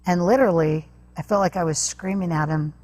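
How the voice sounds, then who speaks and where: A woman guest on an interview show, telling a personal story earnestly, with halting restarts. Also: lowish voice, darkish tone. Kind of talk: personal testimony in a talk interview.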